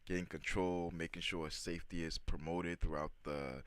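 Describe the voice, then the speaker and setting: Low-voiced man rambling through news commentary. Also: moderate pace, clear, resonant tone. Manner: rambling, loose, many "um" fillers; relaxed, talks straight to viewers. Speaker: channel host commenting on news clips. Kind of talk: casual news commentary vlog.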